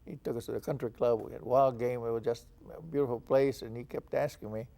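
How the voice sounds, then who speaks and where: This is a veteran from San Antonio, Texas, an older man recounting his past for an oral history interview. He talks at a quick pace in a dark, mid-range voice with fairly level intonation, acting out whatever dialogue he quotes.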